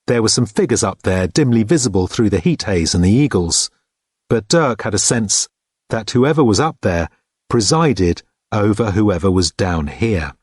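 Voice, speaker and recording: A man reading an audiobook in a measured, understated narrating manner. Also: fairly low pitch, expressive, a little mellow, breathy edge, no echo, clean studio sound. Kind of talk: scripted narration.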